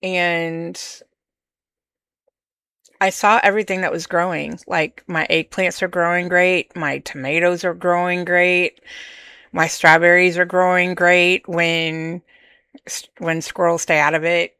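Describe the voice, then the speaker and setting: A woman hosting a podcast, talking candidly and emotionally about her own feelings in a slow, searching monologue. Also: fairly low pitch, little pitch movement, pushed and bright, smooth, no room sound. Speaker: podcast host. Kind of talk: personal reflective monologue.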